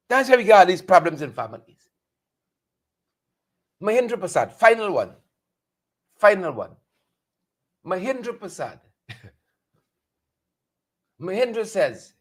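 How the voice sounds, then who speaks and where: A Guyanese man delivers satirical commentary in a high voice that leaps up and down as he talks. He hammers his points by repeating them and mimicking others. The delivery is animated and mocking. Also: a little slow, pauses often. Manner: animated, repeats lines for emphasis, mocks with mimicry. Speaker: host.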